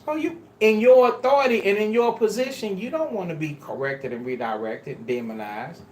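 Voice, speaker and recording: A man's voice: high voice, a little fast, darkish tone. A man preaching a sermon to a congregation, emphatic and pleading, with casual street-style phrasing. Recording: roomy echo.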